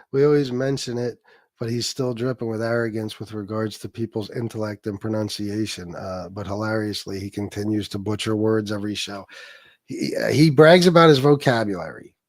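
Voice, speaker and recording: A middle-aged man hosting a casual livestream, telling stories in a profane, mocking and lively way. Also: on the low side, normal speed, no room sound. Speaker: livestream host.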